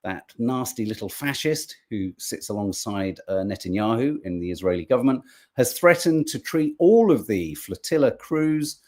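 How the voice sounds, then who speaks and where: A man's voice: mid-range voice, lively intonation, moderate pace, darkish tone. A man hosting a podcast, commenting on news clips in a sarcastic, swearing, mocking way. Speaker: podcast host.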